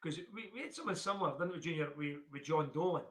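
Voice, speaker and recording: A man's voice: fairly high pitch, quick pace. A man hosting a casual podcast, asking questions conversationally. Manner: conversational, with "um" and repeated words. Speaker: podcast host.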